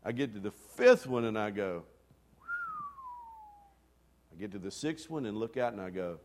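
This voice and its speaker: A man preaching a storytelling sermon, self-deprecating and animated, dropping to hushed asides and then rising to loud, excited bursts. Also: lowish voice, a little fast, a little hiss or hum. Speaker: pastor.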